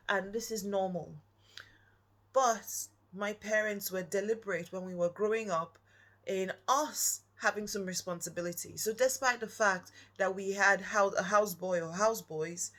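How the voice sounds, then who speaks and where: A woman's voice: mid-range voice, a bit bright. A woman speaks in an earnest, reflective way and keeps turning to the listener with direct questions. She talks about her own upbringing in a personal tone. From Nigeria.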